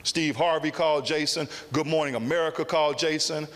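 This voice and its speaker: A man's voice: a little high, fairly even intonation, brisk. A man telling a story in a public speech at a summit, with emphatic repetition. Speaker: summit speaker. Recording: long hall reverb.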